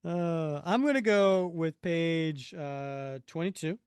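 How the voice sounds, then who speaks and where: A man co-hosting a podcast in loose, easygoing chat, chuckling now and then and drifting into fillers. His voice sits a little high and comes across smooth and clear. The sound is dry and close to the mic. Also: takes it slowly, no echo. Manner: relaxed, chuckles often, trails off with fillers. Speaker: podcast co-host. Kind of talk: casual chat.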